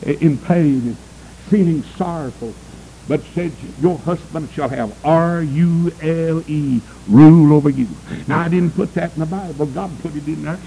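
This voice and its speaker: A man's voice: warm tone, a little hiss or hum, poor audio. A male preacher, delivering a fiery sermon and calling out to the congregation for amens. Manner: emphatic, swooping pitch, calls for amens.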